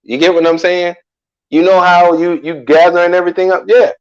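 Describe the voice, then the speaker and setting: A man with a notably high voice tells a rambling personal story in loose, slangy chat. He gets animated and keeps checking in with the listener. The sound is a bit dull and lo-fi. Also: a little fast, clear, resonant tone. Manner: animated, acts out quoted lines loudly, salty slang.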